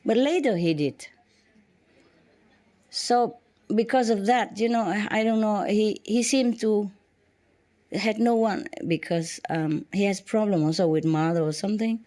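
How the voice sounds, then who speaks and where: Woman, halting. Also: medium pitch, mellow. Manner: halting, frequent restarts and fillers. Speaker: spiritual teacher. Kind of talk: personal storytelling to students.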